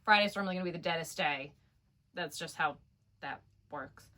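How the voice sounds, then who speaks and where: A woman's voice: fairly low pitch, a little fast, sharp tone. A woman hosting a crochet channel, chatting casually about craft fair customers and laughing often. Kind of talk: casual chat.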